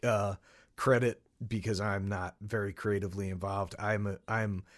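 A man's voice: lowish voice, level tone, moderate pace. A man chatting as a podcast guest, chatty and laughing often, repeating himself. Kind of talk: casual chat.

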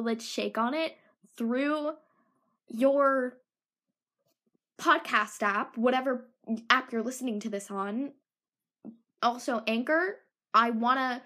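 High-voiced teenage girl podcaster. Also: pushed and bright. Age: teens. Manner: rambling, self-deprecating, jokey. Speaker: podcast host. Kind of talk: casual solo podcast chat.

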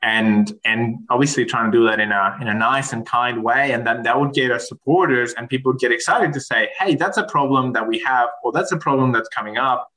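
A man's voice: medium pitch, fairly quick, hardly any pauses, pushed and bright, poor audio. A man in a casual interview, telling stories from his consulting work with many restarts and fillers. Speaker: guest.

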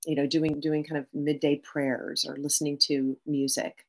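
A middle-aged woman therapist talks as a guest on a podcast. Her voice sits low, and she speaks in an animated way, restarting phrases and checking in with "right?". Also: normal speed. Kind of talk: podcast interview.

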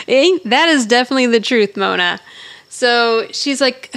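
A woman with a slightly high voice tells a story in casual chat. She talks animatedly, quotes each person in turn, and laughs often. Her delivery is relaxed and conversational. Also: a little slow, long pauses. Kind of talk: casual chat recapping a TV episode.

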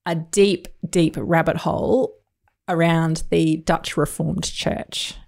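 Chatty woman podcaster, slightly low. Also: fairly even intonation, slow pace, creaky, darkish tone. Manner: chatty, researched, lots of ums and asides. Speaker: podcast co-host. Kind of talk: casual chat.

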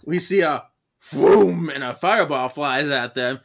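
A man's voice: fairly high pitch, unhurried, vocal fry. A man co-hosting a podcast, giggly and breezy as he recaps a comic. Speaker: podcast co-host. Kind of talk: casual chat, retelling a comic.

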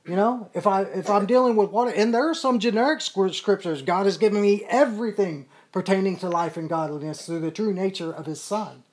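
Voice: mid-range voice, brisk, hardly any pauses. A person leading a casual Bible study, explaining scripture earnestly with frequent repeats and restarts. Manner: earnest, repetitive, self-correcting.

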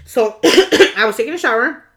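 A woman's voice: on the high side, animated, normal speed. A young woman telling a story in casual conversation, rambling with restarts and acting out the frantic moments. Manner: rambling with many restarts, acts out screaming quotes.

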